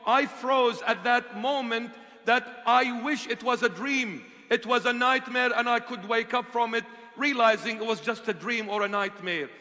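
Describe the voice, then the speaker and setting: A man, a bishop, preaching and telling a story in an impassioned way that swings from hushed to loud, recorded with a long hall reverb. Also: extremely high pitch, moderate pace, hardly any pauses. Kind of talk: sermon storytelling.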